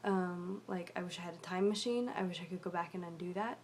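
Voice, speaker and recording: A young woman telling a personal story in a video diary, rambling and confessional with many fillers, often dropping to a quiet mutter. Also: on the low side, fairly quick, slight background noise.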